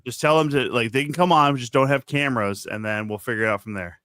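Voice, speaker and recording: A man's voice: mid-range voice, fast, sharp tone, no echo, clean studio sound. A man from Minnesota co-hosting a casual wrestling podcast over a video call, sarcastic and profane. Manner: sarcastic, profane, self-deprecating. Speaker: podcast co-host. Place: home, streaming live.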